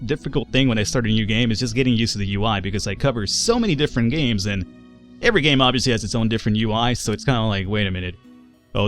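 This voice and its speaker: A man commenting on his gameplay with a lively, swinging voice that leaps up when he yells at his characters. He is profane and excitable. A faint music track runs underneath. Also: medium pitch. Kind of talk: let's play commentary.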